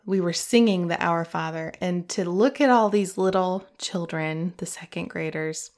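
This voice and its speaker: A woman's voice: on the low side, normal speed, darkish tone. A middle-aged woman hosting a podcast, telling a personal faith story in a heartfelt way, emotional at times and laughing through tears. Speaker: podcast host.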